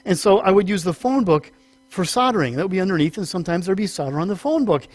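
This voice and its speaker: High-voiced pastor telling stories. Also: male voice, fast, no room sound. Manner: chatty storytelling with humorous asides; animated, acts out small voices in stories. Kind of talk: sermon teaching.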